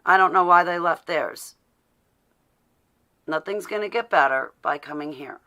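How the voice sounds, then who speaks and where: Bright-voiced woman ranting on a livestream. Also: lowish voice, measured pace. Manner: rambling, sarcastic, greets viewers by name. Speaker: vlogger addressing live viewers. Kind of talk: casual rambling political rant. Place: at home.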